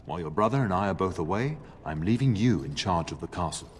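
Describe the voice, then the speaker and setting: Jovial noble father, fantasy game voice, lowish, lively, echoing reverb. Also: quick pace, husky. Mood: genial. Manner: hearty, teasing.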